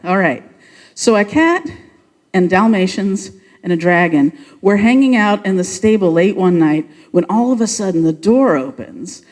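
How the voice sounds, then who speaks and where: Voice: mid-range voice, darkish tone, big-room sound. A leader narrating and directing an unrehearsed church pageant, coaxing the congregation along. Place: church sanctuary.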